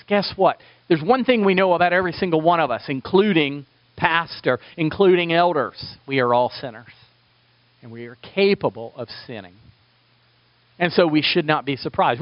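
A man's voice: fairly high pitch, no echo. A man preaching a sermon as a pastor, asking his listeners rhetorical questions. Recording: dull lo-fi dry recording.

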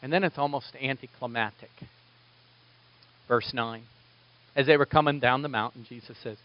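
A pastor preaching a sermon in an animated, conversational, self-deprecating way. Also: male voice, mid-range voice, normal speed, long pauses, muffled recording.

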